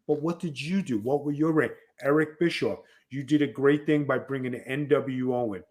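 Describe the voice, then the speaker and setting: A man's voice: mid-range voice, normal speed. A man with a New York accent hosting a wrestling podcast, telling stories and acting out the people he quotes. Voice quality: animated storyteller who acts out quoted dialogue. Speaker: podcast host and former wrestler. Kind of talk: casual storytelling chat.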